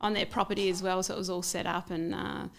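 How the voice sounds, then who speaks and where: A woman's voice: medium pitch, fairly even intonation, quick pace, gravelly. A woman guest on a podcast, talking casually with many fillers and restarts. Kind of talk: casual interview chat.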